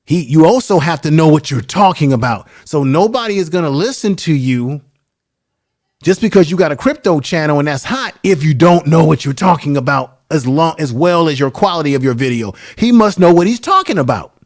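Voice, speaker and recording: A man's voice: on the high side, animated, brisk, darkish tone. A man who is a little tired, a guest on a live stream, giving earnest advice about building a channel. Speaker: guest YouTuber. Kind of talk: casual live stream chat.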